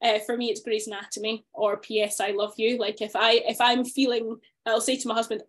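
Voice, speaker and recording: A woman in her thirties co-hosting a podcast, thinking out loud in a relaxed, chatty way. Her voice sits a little on the high side. She often restarts her sentences and fills gaps with little ums and likes. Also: fairly quick, hardly any pauses. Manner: reflective, chatty with frequent fillers and restarts. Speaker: podcast co-host. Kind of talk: casual chat.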